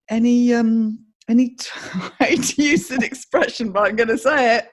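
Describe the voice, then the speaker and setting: A middle-aged woman hosting a podcast in a loose, chatty way. Her voice sits a little high, and she stops and restarts her sentences with plenty of fillers. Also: a little slow, slightly rough. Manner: chatty, many fillers and restarts, laughs often. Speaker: podcast host. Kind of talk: casual interview chat.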